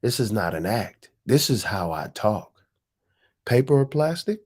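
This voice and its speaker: A man hosts a loose, casual chat, his pitch swinging widely as he jokes. He curses freely and keeps bursting into laughter. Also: measured pace. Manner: animated, profane, bursting into laughter. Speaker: host. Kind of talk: casual chat with a rapped verse.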